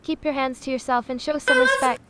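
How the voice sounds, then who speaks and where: A woman's voice: sits high, very animated, brisk, bright, forceful tone, full character voice. A woman voicing a haughty AI sausage. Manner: haughty, dramatic, condescending, says honey a lot. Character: sassy self-important female AI chatbot sausage.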